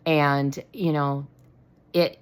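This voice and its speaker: An older woman chatting through a faith story in a rambling way, full of restarts and "you know," and lively when amazed. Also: low voice, drawn-out words, clean tone. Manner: excitable, animated when amazed. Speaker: faith talk show host. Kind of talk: casual faith testimony storytelling.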